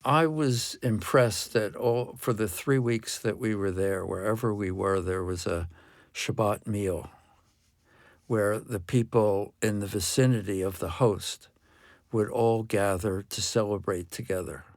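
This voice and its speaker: An older man, a photographer, telling animated stories in an interview and acting out quotes. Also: lowish voice, measured pace, no room sound, clean studio sound. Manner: animated anecdotes, acts out shouted quotes. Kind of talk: storytelling in an interview.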